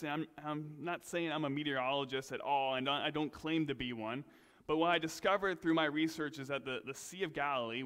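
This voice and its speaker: A male pastor preaching a sermon in a relaxed, conversational way, with self-deprecating asides. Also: fairly high pitch, clean tone, big-room sound. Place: church sanctuary.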